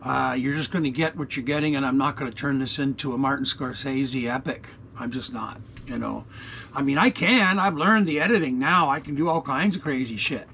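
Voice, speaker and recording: A man's voice: mid-range voice, a little fast, creaky, pushed and bright, slight background noise. A man in his sixties, rambling bluntly and profanely through an unscripted vlog in his RV, with lots of fillers, recorded on an action camera. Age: 60s. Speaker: vlogger. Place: inside his RV.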